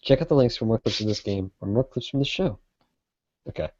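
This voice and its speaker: A man's voice: on the low side, animated, a little fast, a little mellow, muffled recording. A man on a podcast reading promo lines in a hesitant, reluctant way. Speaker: podcast co-host. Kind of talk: reading a script aloud in a comedy bit.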